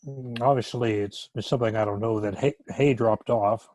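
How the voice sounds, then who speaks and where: A man takes part as a student with a middle-pitched voice. He asks short, unsure questions. The sound is dry and close. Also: steady tone, normal speed, darkish tone, no echo.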